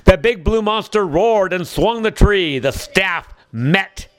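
Guy reading a kids book out loud, slow and high-voiced, trips on words sometimes. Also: expressive, a little hiss or hum. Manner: unhurried reading with small slips and restarts. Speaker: storybook reader. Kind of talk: reading a children's book aloud.

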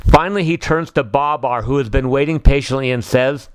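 A man reading a children's storybook aloud in a gentle, measured way, with the odd slip and self-correction. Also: medium pitch, smooth, no echo. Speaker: narrator.

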